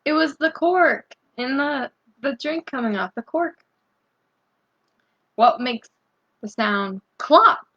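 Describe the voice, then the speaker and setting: Slow, gentle woman reading a bedtime story. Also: high voice, dull audio. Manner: slow, gentle, asks young listeners questions. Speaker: storybook reader.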